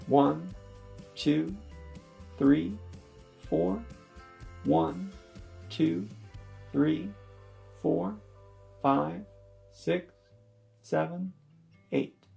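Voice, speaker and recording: A man explains toothache relief in a chatty, joking way, calm and reassuring throughout. His voice has a gravelly, slightly creaky texture. Soft guitar music plays faintly behind him. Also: medium pitch. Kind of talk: casual instructional vlog.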